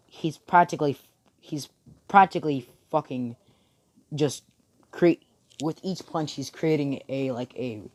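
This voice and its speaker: A man telling a fan story off the cuff, rambling and full of filler words. His voice sits mid-range and drifts between loud and quiet. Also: medium pitch. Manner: rambling, many fillers and swearing. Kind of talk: casual fan-fiction retelling.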